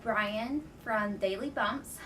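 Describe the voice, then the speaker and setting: A woman's voice: medium pitch, slow pace. Young woman, casual chatty vlogger, lots of fillers, distant mic, noisy room. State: out of breath. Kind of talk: casual chat answering a question tag. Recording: distant mic with clear background noise.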